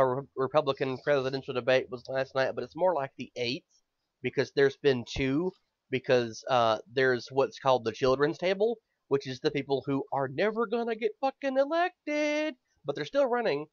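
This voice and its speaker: A man's voice: mid-range voice, no echo, dull audio. A man hosting a podcast in casual chat, rambling and swearing, often stammering as he builds up steam. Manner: rambling, profane, stammers when worked up. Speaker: podcast host.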